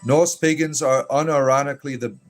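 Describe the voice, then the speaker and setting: A man's voice: mid-range voice, steady tone, fairly quick, soft background music. A man hosting a casual livestream and answering viewer chat with irreverent, sardonic banter, speaking in a put-on lilting accent that sounds a bit Irish.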